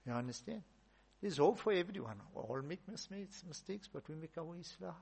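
A man, a religious teacher, giving a storytelling sermon with emphatic rises and soft asides. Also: a little high, animated, a little fast, creaky, slightly rough.

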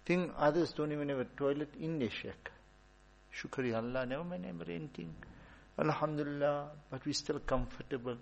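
A man's voice: a little high, steady tone, moderate pace, poor audio. A man giving an informal religious talk, telling stories and repeating points for emphasis. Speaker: religious teacher.

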